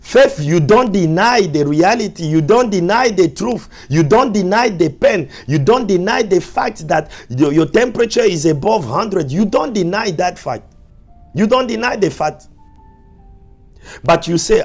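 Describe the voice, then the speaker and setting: A male pastor preaching a sermon, repeating his points with emphasis and dropping to soft, low asides. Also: very animated, a little slow, faint music behind.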